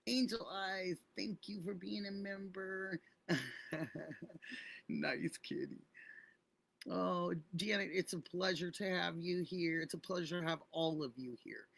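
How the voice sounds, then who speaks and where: Gravelly, effusive woman livestream host. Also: fairly low pitch. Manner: effusive, chatty, thanks viewers by name. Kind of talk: casual livestream chat greeting viewers.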